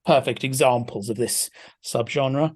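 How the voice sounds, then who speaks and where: A man talks through a film in a relaxed podcast conversation, his voice sitting at an ordinary middle pitch. He thinks aloud, hesitates often and restarts his sentences before building his point. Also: measured pace. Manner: thoughtful, hesitant, many restarts. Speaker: film scholar guest. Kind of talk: casual podcast discussion.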